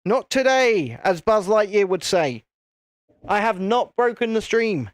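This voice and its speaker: A man's voice: high voice, a little slow, no echo, clean studio sound. Chatty British man hosting a live stream. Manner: chatty, self-deprecating, easily flustered. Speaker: channel host. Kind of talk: casual live-stream chat.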